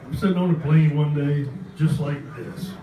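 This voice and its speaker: A man's voice: on the high side, fairly even intonation, normal speed, dark tone. An older man, a former ballplayer, telling a wry anecdote on stage at a club event. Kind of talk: storytelling on stage. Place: club event room with audience. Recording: roomy hall, distant mic, crowd.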